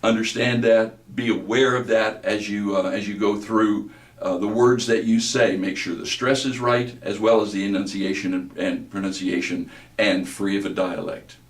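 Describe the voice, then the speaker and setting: A man with a fairly low voice gives a lecture on speaking, spelling out and sounding words with deliberate care. He is recorded from a distance in a room with a noticeable echo. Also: steady tone. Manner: deliberate, demonstrates words slowly and precisely. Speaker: speech instructor. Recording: echoey room, mic at a distance.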